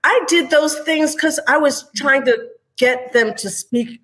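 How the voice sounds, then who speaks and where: A woman's voice: sits high, measured pace, sharp tone, poor audio. A woman speaking as a mother, sharing her experience in an earnest, reflective, candid way during a panel conversation.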